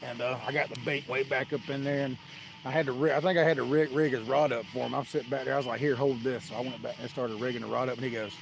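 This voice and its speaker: A man's voice: mid-range voice, steady tone, quick pace. Laid-back man chatting outdoors at night. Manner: easygoing, laughs often, tells funny stories. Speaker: fishing livestream host. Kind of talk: casual live-stream chat. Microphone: camera on a tripod. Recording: outdoor night noise clearly audible.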